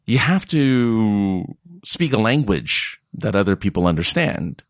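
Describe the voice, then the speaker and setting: A man's voice: lowish voice, very animated, slow, no echo, clean studio sound. A young man talking casually in a rambling way and mocking other people's voices when he quotes them. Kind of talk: casual monologue.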